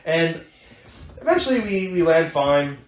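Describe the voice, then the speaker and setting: A man's voice: a little high, lively intonation, measured pace. Rambling American man in an echoey room. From United States. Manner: rambling storyteller with many restarts and fillers. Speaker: podcast co-host. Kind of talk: casual chat. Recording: echoey room, faint hiss.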